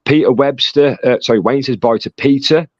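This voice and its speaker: A man's voice: mid-range voice, moderate pace, no echo. A man acting as chat moderator, reading out live stream messages and bantering jokily with viewers. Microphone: phone call. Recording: dry, dull lo-fi sound.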